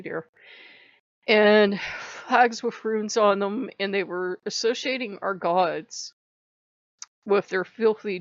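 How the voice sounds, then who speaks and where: A woman's voice: fairly low pitch, vocal fry, no echo, dull audio. A woman vlogging in a casual, impassioned way, tearful and crying on and off, often apologizing as her voice breaks. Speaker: vlogger on her own faith channel. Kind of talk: casual emotional vlog talk.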